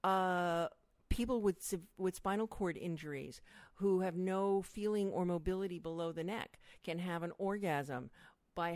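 Middle-aged woman guest, low-pitched, dry close sound, animated and expressive delivery. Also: no echo. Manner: expressive, acts out quotes with big pitch jumps. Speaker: sex educator guest. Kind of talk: animated interview conversation.

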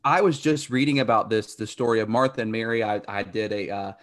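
A man's voice: on the low side, brisk. A man hosting a faith podcast, reacting to his guest and then encouraging his listeners with enthusiastic, preachy commentary. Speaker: podcast host.

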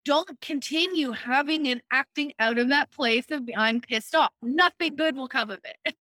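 A woman hosting a casual chat, explaining an idea in a lively way, often checking in with "right?" and acting out quoted thoughts. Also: high voice, measured pace, no room sound. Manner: lively, acts out quoted inner voices, frequent "right?". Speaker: host explaining a personal decision-making method.

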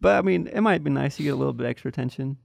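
A young man hosting a casual sports podcast, relaxed and chatty with many fillers. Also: medium pitch, very fast, vocal fry, dry recording, studio quality. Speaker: podcast host.

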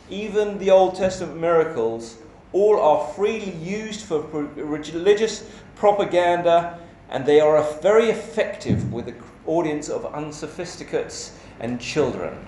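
Slow, echoey male preacher. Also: a little high, darkish tone, a little hiss or hum. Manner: measured, emphatic delivery with rhetorical questions. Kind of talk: sermon. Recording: echoey church hall with faint ambience.

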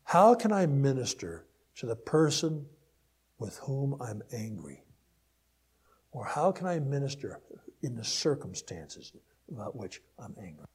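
A man preaching a counseling-focused sermon to a live audience, swinging between emphatic peaks and quiet asides, then leading a prayer. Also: medium pitch, unhurried, husky. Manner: animated, rising to emphatic peaks and dropping to soft asides. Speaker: pastor. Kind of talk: sermon teaching ending in prayer.

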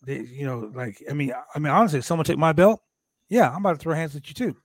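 A man hosting a casual wrestling recap show, talking in an animated, profane way and acting out quotes from the show. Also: fairly high pitch, quick pace, husky, no echo. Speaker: podcast host recapping wrestling.

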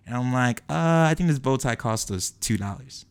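A man's voice: medium pitch, clean tone. A young man animatedly telling a personal story, acting out the quoted lines of the people in it. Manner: acts out quoted dialogue, quick and lively. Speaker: guest telling his story.

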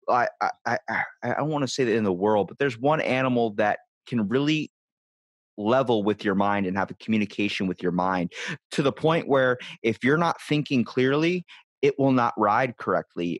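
This man's voice sits at an ordinary middle pitch and is recorded close up on a podcast mic with no room echo. He is a podcast host who chats casually and rambles through animated stories. He swears freely as he goes. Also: moderate pace. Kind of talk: casual conversational chat.

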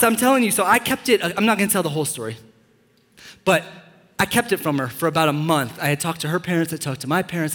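A young man preaching a sermon as a pastor, enthusiastic and joking with sudden loud bursts. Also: on the high side. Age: young adult. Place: large church hall. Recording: long church-hall reverb.

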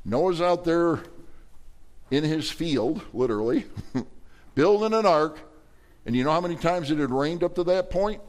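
Male pastor, middle-aged, animated folksy sermon delivery, mid-range voice. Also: medium pitch. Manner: folksy, animated preaching with playful asides.

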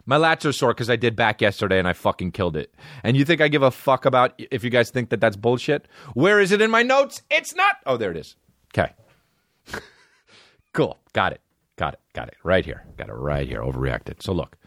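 A male podcast host rants in a profane comedic riff and restarts his thoughts mid-sentence. His pitch swings widely as he goes. The sound is dry and close, with no room around him. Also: animated, fairly quick, fairly bright tone, no echo. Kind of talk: comedic rant.

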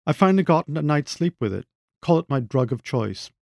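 A man reading the lines of an eager, chatty brother in a gravelly voice. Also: a little high, animated, fairly quick, a little mellow, no room sound, studio quality, voice pushed up. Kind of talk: reading own short story aloud.

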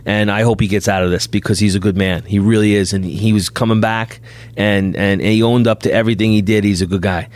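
Animated middle-aged man telling stories. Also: on the low side, quick pace. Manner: animated anecdote teller, acts out dialogue. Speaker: bail bondsman. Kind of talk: podcast storytelling.

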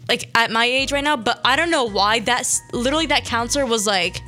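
A woman's voice: fairly high pitch, a little fast, pushed and bright, soft background music. A teenage girl from Syria hosting a small radio show, chatting in a rambling way with lots of fillers. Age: teens. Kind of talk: casual chat.

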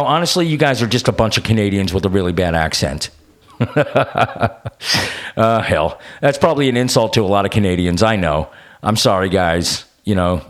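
A man hosting a podcast, delivering a combative, sarcastic rant with plenty of swearing. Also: fairly low pitch. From United States. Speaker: podcast host. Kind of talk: ranting podcast monologue.

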